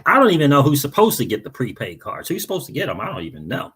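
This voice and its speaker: Husky-voiced man hosting a casual livestream. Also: mid-range voice, huge pitch swings, fast talker, a bit bright. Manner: greets viewers by name, repeats phrases. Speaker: crypto channel host.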